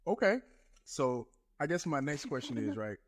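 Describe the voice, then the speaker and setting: A man chats as a guest on a podcast, offering blunt, matter-of-fact advice in a middle-pitched voice. He swears casually and keeps his delivery plain and direct. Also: very animated, normal speed. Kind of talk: casual chat, giving advice.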